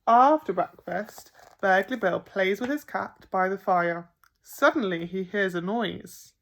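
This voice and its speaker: A woman reading a picture book aloud to children as a primary school teacher, expressive and playful. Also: medium pitch, measured pace, gravelly. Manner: expressive, with gasps and playful emphasis.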